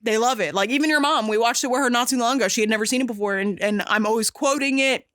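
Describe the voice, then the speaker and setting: A woman's voice: fairly high pitch, fast talker, a bit bright, no room sound, clean studio sound. A woman hosting a podcast in casual chat, talking emphatically and gushingly with many fillers and restarts. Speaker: podcast host.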